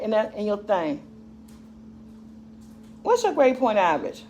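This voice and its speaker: Chatty middle-aged woman vlogger, higher voice. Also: sing-song, unhurried, pauses often, dull audio. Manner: chatty, rambling, laughs often, answers viewer comments. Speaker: vlogger and mother. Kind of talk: casual chat with viewers.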